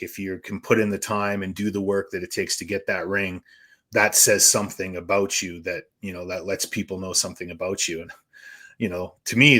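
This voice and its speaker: A podcast host with a low, forceful voice. He speaks frankly and at length, piling up opinions in a loose, conversational ramble. The talk stays casual throughout. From Canada.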